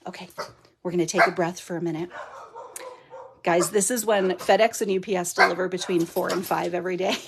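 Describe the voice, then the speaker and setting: A woman's voice: lowish voice, background noise. Woman host for a home craft live stream: chatty, laughs a lot, drifts off topic easily. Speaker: stamping and card-making demonstrator. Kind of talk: casual live-stream chat.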